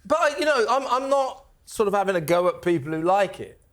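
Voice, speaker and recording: Halting, stammering male storyteller. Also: high-pitched, very animated. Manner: halting, restarts and stammered repeats while telling a story. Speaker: co-host panellist. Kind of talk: comic grumbling panel chat. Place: TV studio.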